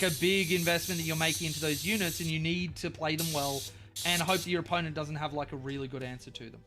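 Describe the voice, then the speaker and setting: An Australian man with a high-set voice, rambling casually on a stream as he paints miniatures. He is loose and profane and drifts into bits of silly wordplay. Soft music plays quietly behind him. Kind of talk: casual live-stream chat.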